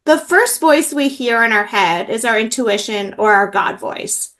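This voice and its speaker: Middle-aged woman, a healing practitioner, earnest and filler-heavy, pitched a little high. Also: animated, a little slow, a bit bright. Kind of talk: interview, personal story.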